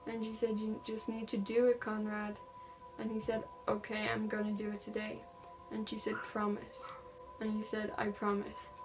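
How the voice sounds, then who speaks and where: A woman's voice: medium pitch, monotone, normal speed, few pauses, over music, poor audio. A young woman vlogger casually retelling a true-crime story, reading text messages aloud with lots of "like" fillers.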